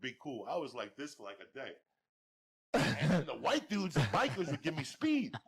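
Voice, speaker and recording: A middle-aged man telling crude, profane comic stories on a podcast, loud and laughing, jumping from shouts to low mutters. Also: huge pitch swings, normal speed, a crowd in the background. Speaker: podcast guest storyteller. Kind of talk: profane comedic storytelling.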